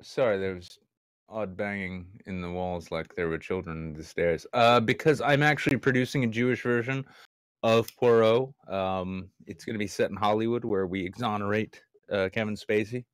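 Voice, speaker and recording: A man's voice: lowish voice, fairly even intonation, moderate pace, clear, resonant tone, dry recording. A man hosting a comedy podcast, reading odd news stories aloud with irreverent asides, frequent laughs and stumbles over names. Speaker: podcast host.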